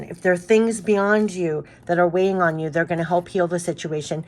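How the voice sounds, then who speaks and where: A woman's voice: lowish voice, fairly even intonation, brisk, darkish tone. A woman giving a spiritual card reading, speaking in an earnest, effusive way and repeating her messages. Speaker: tarot card reader.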